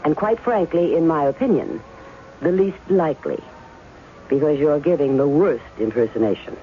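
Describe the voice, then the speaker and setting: An actress playing a guarded, sharp-tongued woman who doubts a man claiming to be her husband, in 1970s radio drama style. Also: low-pitched, animated, moderate pace, slight background noise. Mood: skeptical. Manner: cool, cutting. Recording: thin phone-like old radio broadcast with faint music.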